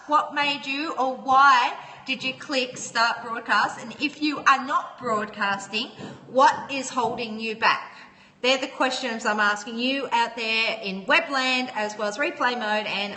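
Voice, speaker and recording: A chatty woman hosting a casual phone livestream and reading out viewers' names. Her voice is high and bright. The room gives it a long, lingering reverb. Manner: chatty, laughs often, greets viewers by name. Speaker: livestream host.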